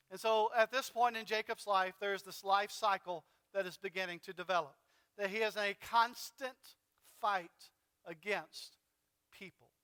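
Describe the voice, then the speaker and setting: A man's voice: sits high, bright, forceful tone, big-room sound. A man pastor preaching a sermon in a conversational way, dramatically retelling a story with fillers. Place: church sanctuary.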